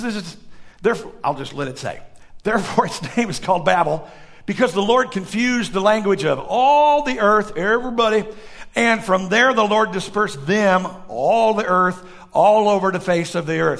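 A man preaches a sermon to his congregation in a fairly high voice with a gravelly edge. He swings between shouted, emphatic lines and soft, hushed stretches. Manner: animated preaching with sudden loud peaks and hushed drops. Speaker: pastor. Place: church sanctuary with a congregation.

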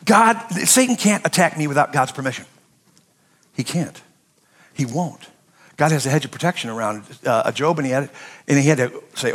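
A man preaching a sermon as pastor, swinging between impassioned shouting and quiet, hushed passages. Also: medium pitch, expressive, normal speed, long pauses. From United States.

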